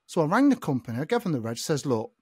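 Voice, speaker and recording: A man from the telling an animated story on a casual podcast. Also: on the high side, rapid-fire, breathy edge, dry recording, studio quality. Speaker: podcast co-host, truck driver.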